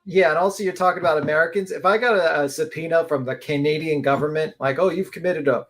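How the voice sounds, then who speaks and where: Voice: mid-range voice, fairly even intonation, fast. A panelist on a live audio stream, talking casually and profanely with lots of fillers like "like" and "uh".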